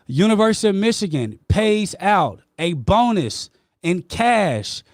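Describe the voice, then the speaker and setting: A man's voice: sits high, big pitch swings, measured pace, no echo, clean studio sound. A man hosting a podcast, talking with passion and emotion as he argues his point with a caller. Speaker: podcast host. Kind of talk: heated debate with a caller.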